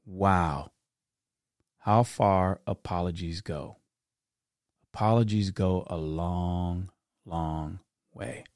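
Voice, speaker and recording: Middle aged guy talking to his podcast mic alone, earnest storyteller, lowish voice, dry close sound. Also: steady tone, takes it slowly, darkish tone, clear, resonant tone, no echo. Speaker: podcast host. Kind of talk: reflective solo podcast talk.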